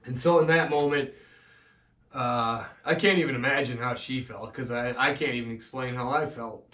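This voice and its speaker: Man, personal confessional monologue, halting delivery, echoey room, distant mic. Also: mid-range voice, sharp tone. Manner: halting, emotional, many restarts and fillers. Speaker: vlogger telling his own story.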